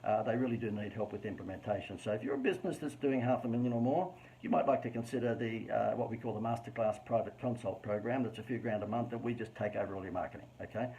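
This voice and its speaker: A man's voice: fairly low pitch, quick pace, dark tone, poor audio. An Australian man hosting a casual live stream, coaching businesses on marketing in a chatty, joking, self-mocking way.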